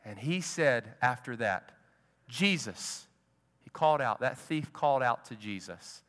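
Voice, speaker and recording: A male pastor preaching a sermon slowly and emphatically, dropping to quiet for effect. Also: mid-range voice, animated. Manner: slow, emphatic preaching with dramatic drops to quiet. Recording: long hall reverb.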